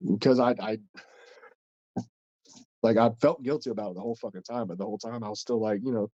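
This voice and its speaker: A man's voice: lowish voice, quick pace, long pauses, warm tone, dry recording, dull audio. A man hosting a podcast, telling a story in a casual, rambling way and swearing constantly. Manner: blunt, heavy swearing, rambling. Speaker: podcast host and wrestler.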